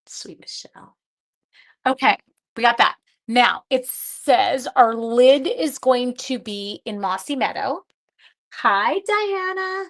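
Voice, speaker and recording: A middle-aged woman, low on sleep, hosts a live craft-along, chatting with her viewers while she works. Her voice sits fairly high, with a creaky texture and a fairly bright tone.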